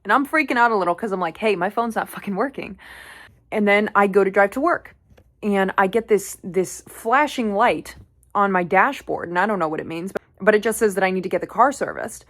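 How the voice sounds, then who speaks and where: Young woman vlogger, mid-range voice, candid storytime delivery with an animated edge. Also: mid-range voice, a little fast. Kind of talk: casual storytime monologue.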